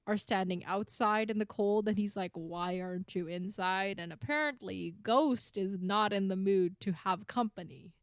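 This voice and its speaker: A woman co-hosting a podcast casually recaps book chapters, paraphrasing scenes in a chatty way and sprinkling in "like" constantly. Her mid-range voice moves at a moderate pace with hardly any pauses, recorded clean and dry in a studio with no echo.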